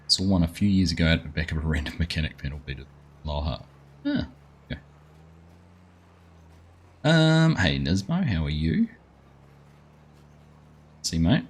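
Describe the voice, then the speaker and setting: A man's voice: very deep voice, very animated, normal speed, pauses often, husky. A man hosting a live gaming stream, chatting casually and greeting viewers by name as he plays. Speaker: gaming livestream host. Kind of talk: casual chat while playing a farming game.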